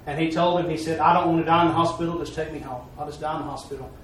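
Racing through his mission report, a preacher tells it sermon-style, folksy and repetitive, with emphatic peaks. His somewhat high, fairly bright voice holds a steady tone, captured by a far-off mic in a heavily echoing hall with a faint hiss in the background.

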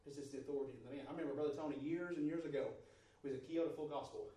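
A man preaching a sermon to a congregation, moving from quiet, steady talk to loud, fervent shouting. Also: on the high side, rapid-fire, recorded from a distance. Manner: builds from soft to shouting fervor. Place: church service. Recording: roomy church sound from off-mic. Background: congregation responses.

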